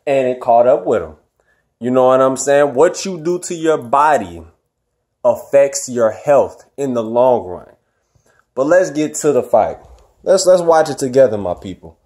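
Hoarse man in blunt fight commentary. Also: mid-range voice, expressive, a little slow, a little mellow. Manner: blunt, emphatic, repeats himself. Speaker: vlogger reacting to a boxing match. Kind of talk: casual profane fight commentary.

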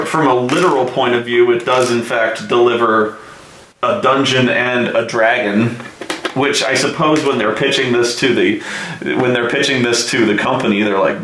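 Slow-talking swearing man, echoey room. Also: mid-range voice, background noise. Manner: animated, swears a lot, shouts in excitement. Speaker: show host reviewing a game. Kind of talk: casual profane rant.

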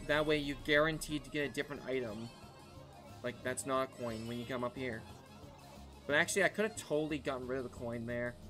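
A man streaming a racing game live, chatting with his viewers in an excitable, talkative way and laughing often. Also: mid-range voice. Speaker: gaming streamer. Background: faint background music.

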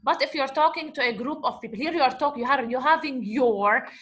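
Bright-voiced woman teaching grammar. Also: sits high. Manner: explains slowly, repeats examples, asks rhetorical questions. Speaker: Arabic teacher. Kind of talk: recorded grammar lesson.

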